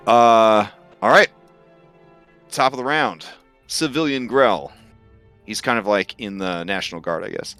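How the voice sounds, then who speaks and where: A man narrating as game master of a tabletop game, with a relaxed, hesitant delivery full of fillers. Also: fairly low pitch, measured pace, pauses often. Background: faint music.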